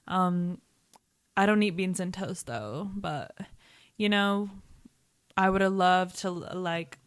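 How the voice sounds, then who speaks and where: A woman's voice: fairly low pitch, slow pace, clean tone, dry recording, clean studio sound. A young woman vlogger recapping a TV show in casual chat, rambling and swearing freely, with lots of "like" and "um". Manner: chatty, profane, lots of "like" and "um", rambling.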